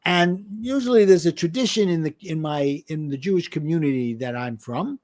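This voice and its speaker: A man's voice: on the high side, moderate pace. A middle-aged man, a life and business coach, telling a personal story in a podcast interview and acting out the voices of the people in it. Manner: animated, acts out quoted voices.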